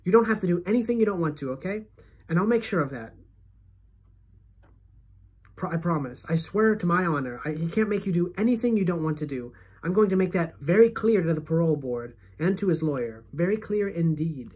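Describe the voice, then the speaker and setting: A woman voicing a calm, formal middle-aged female principal, measured and reassuring, with a husky tone. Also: fairly low pitch. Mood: soothing.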